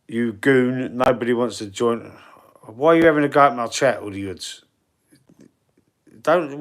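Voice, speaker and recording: A man with a Cockney accent, hosting a casual live stream as a football fan, reading chat and rambling in a laid-back, slangy way. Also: mid-range voice. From England. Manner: chatty, rambling, repeats words and restarts. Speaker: football fan livestream host.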